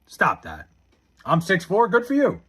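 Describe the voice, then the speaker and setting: Young male streamer from Long Island, husky and lively, swears freely while answering chat. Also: high-pitched, unhurried. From Long Island, New York. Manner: blunt and profane, half-laughing. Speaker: live streamer. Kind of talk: casual live stream chat, reading viewer comments aloud.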